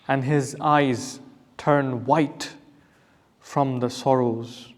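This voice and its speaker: A man's voice: medium pitch, fairly even intonation, very slow. A man, an imam, giving an earnest Quran commentary lecture, asking rhetorical questions and reciting Arabic verses. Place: mosque hall. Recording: long hall reverb.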